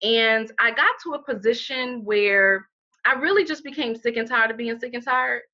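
Bright, husky-voiced woman telling her story. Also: a little high, moderate pace. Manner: candid, emphatic, heavy on "you know" fillers. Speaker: interview guest, healing center founder. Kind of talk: personal storytelling in conversation. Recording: dull lo-fi recording.

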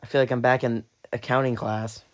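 A young man speaks at an ordinary pitch, animated and rambling, dropping swear words as he goes. He chats casually as a podcast co-host. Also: fairly quick. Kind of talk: casual chat.

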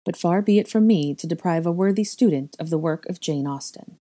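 A woman voicing a stern older librarian witch who speaks flatly and precisely, in a low, mellow voice. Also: fairly quick, lightly acted. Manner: flat, precise, disapproving.

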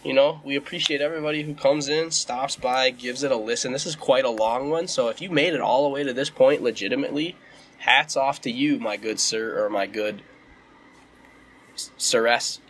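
A young man co-hosting a casual podcast, animated and joking, often laughing as he talks. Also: mid-range voice, brisk, a little hiss or hum. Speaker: podcast co-host. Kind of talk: casual chat, hosting a meme segment.

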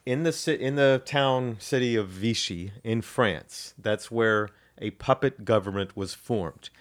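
A man's voice: lowish voice, unhurried. A man co-hosting a history podcast, casually explaining events with frequent ums, restarts and self-corrections.

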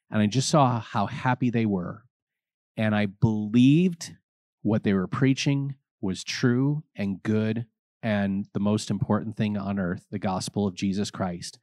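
A priest and vocations director telling his personal story in an interview, earnest and animated, acting out the people he quotes. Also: on the low side, no echo, studio quality.

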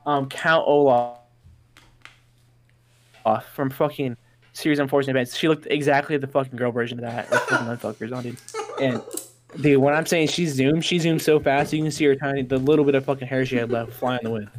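A man's voice: medium pitch, fairly even intonation, brisk, slight background noise. A young man telling a rambling, profane story in casual chat.

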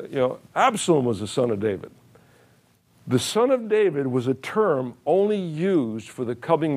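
A man's voice: mid-range voice, darkish tone. A male pastor preaching a sermon in plain, folksy words, emphatic, repeating phrases and putting questions to his listeners. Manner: frequent uh fillers and restarts, plain folksy wording.

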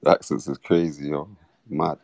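A comedian voicing a gravel-voiced, blunt man who talks in a low, husky mumble. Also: little pitch movement, moderate pace, a little mellow, dry recording. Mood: sheepish.

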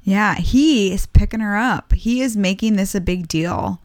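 Midwestern woman, 30s, mid pitch, dry close mic, lively direct podcast co-host. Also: measured pace, no echo. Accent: Midwestern American. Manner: lively, direct, gives practical advice. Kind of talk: casual Christian marriage podcast chat.

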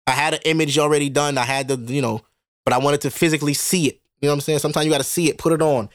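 A man's voice: on the high side, steady tone, rapid-fire, clear, resonant tone, dry recording, clean studio sound. A man hosting a casual solo podcast, talking bluntly and profanely to his listeners and laughing often. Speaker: podcast host.

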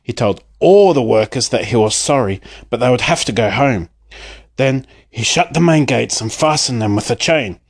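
Man, storybook narration, lively intonation, expressive reading. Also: mid-range voice, normal speed.

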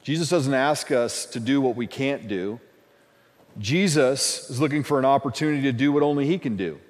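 A man's voice: mid-range voice, normal speed, big-room sound. A man preaching a sermon as lead pastor, building up with repeated phrases for emphasis.

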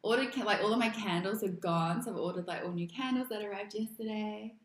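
A woman co-hosting a casual podcast chat, talking fast with lots of "like" and frequent laughs. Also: mid-range voice. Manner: chatty, laughs often, lots of "like". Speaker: podcast co-host. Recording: echoey room.

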